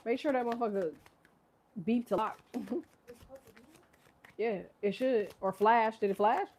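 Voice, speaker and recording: A woman's voice: a little high, unhurried, a little mellow, a little hiss or hum. A woman in her thirties giving a casual tarot reading, rambling, profane and laughing often. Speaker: tarot reader. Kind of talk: casual live tarot chat.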